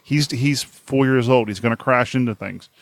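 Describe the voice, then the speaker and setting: A man's voice: medium pitch, moderate pace, gravelly, no room sound. A man hosts a parenting podcast in a dry, close-miked sound. He rambles, chuckles and restarts his sentences in easy conversation. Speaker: podcast host. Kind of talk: casual interview talk.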